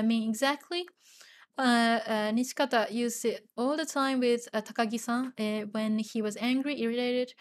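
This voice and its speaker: A tired woman with a Japanese accent, native speaker of Japanese, teaching the language in a casual livestream Q&A, chatty with lots of fillers. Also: a little high. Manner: chatty, many fillers, laughs often, spells out words.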